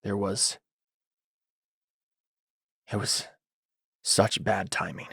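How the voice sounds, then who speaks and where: A man voicing a mimic bird that copies a dejected man's voice, quiet and regretful. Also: lowish voice, little pitch movement, very slow, creaky, slightly rough, no echo, studio quality, voice pushed down, heavily acted. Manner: subdued and regretful.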